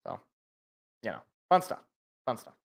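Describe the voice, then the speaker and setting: A man hosting a sports podcast alone, ranting in a rambling, animated way and cutting himself off. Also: normal speed. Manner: rambling, animated, self-interrupting. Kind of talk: casual solo sports rant.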